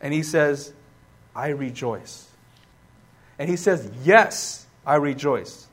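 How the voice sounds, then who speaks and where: A man's voice: a little high, measured pace. A man preaching a sermon as pastor, emphatic and repetitive, calling on the congregation to answer back. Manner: emphatic, repeats key words, rising to loud bursts.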